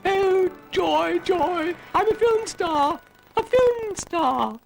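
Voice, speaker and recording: A man voicing a giddy, starstruck female cow who gushes in a shrill voice. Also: expressive, drawn-out words, gravelly, faint music behind, full character voice, low-quality recording. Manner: shrill, gushing.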